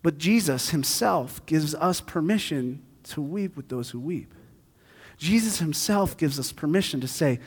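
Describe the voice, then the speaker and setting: A man preaching a sermon, shifting between quiet, hushed stretches and loud, intense passages. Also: on the high side, animated, a little slow, husky, in a large hall. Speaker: pastor.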